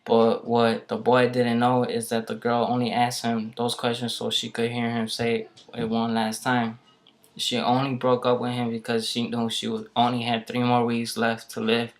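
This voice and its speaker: A young man casually retelling a story, rambling with lots of fillers in a flat, even delivery. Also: medium pitch. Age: young adult. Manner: rambling, full of "like" and "um". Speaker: vlogger telling a story.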